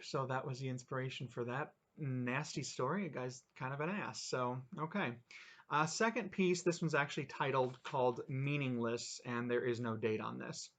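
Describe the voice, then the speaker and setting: A man's voice: medium pitch, fairly bright tone. A man hosting his channel, reading his own short stories aloud with offhand asides.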